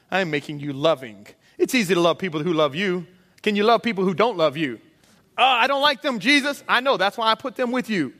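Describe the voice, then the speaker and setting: A man preaching a sermon with a slightly high voice, full of energy and quick turns into voices for the people in the story. His words ring out with a long reverb around him, the sound of a big church hall. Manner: animated, acts out voices of disciples and Jesus. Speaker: pastor.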